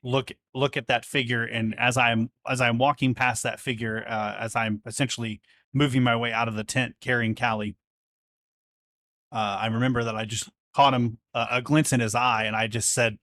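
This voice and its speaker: A man playing in a live tabletop game, narrating his character's actions haltingly, with many pauses and fillers. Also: medium pitch, little pitch movement, fairly bright tone, no room sound, studio quality. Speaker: player.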